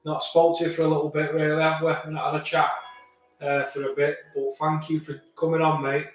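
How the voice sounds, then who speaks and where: A man's voice: fairly high pitch, flat delivery, a little fast, far from the mic. A rambling, chatty man talks through viewers' comments on a live stream. His voice bounces around a very echoey room and sits a little away from the microphone. Faint music plays underneath. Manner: rambling, chatty, with many restarts and fillers. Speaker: vlogger answering live chat. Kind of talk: casual live chat.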